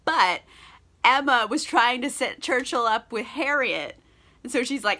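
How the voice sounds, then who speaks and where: In a fairly high, expressive voice with a sharp edge, a young book vlogger who's had some wine walks through a novel's plot at a measured pace. It's a casual comedy recap full of laughter, swearing and frequent "like"s.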